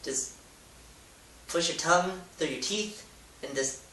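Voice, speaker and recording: A bright-voiced man rambles goofily through a casual how-to vlog, bursting into loud demonstrations. He sits back from the mic in an echoey room, with a faint hiss underneath. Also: on the high side, takes it slowly, recorded from a distance. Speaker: YouTuber.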